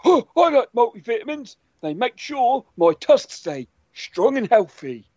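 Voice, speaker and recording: A man's voice: very high voice, very animated, unhurried, a little mellow, dry recording, heavily acted. A man doing a goofy silly elephant. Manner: rambling, goofy. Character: silly male elephant quiz host. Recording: dull dry lo-fi sound.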